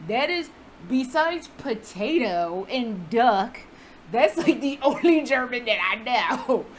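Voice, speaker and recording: A woman's voice: on the high side, animated, slow, slight background noise, rough recording. Profane, self-mocking young American woman. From United States. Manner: profane, self-deprecating, laughs often. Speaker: vlogger. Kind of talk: casual vlog monologue. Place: apartment indoors.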